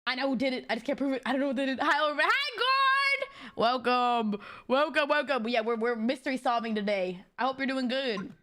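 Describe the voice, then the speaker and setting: A woman streamer giving excitable, giggly commentary while playing a story game. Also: a little high, fast, hardly any pauses. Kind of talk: game let's play commentary.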